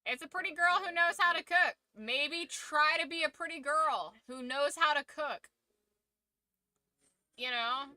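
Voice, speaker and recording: A woman's voice: sits high, a little slow, pushed and bright, dry recording, low-quality recording. A woman streamer chatting casually with her viewers, rambling and chatty, swearing freely and trailing off mid-thought. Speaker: streamer hosting a watch-along. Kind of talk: casual live chat.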